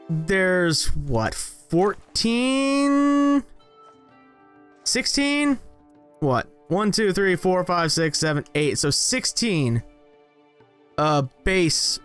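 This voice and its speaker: A young man talks through a game in a rambling, self-mocking way. His voice sits high and keeps leaping into excited yelps. Faint game music plays behind him. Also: clear, resonant tone. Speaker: gaming channel host. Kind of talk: casual gameplay commentary.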